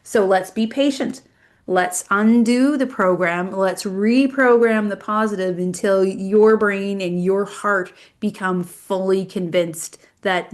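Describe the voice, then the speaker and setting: A woman's voice: medium pitch, takes it slowly. A woman hosting a motivational live Q&A in an encouraging, reassuring way. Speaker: host.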